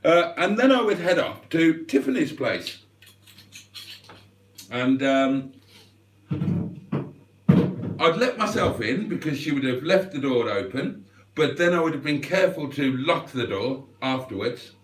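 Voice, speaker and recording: Slow, lively-pitched man. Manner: deadpan, digressive, mock-serious. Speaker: livestream host. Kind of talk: rambling comic monologue. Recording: echoey room, mic at a distance.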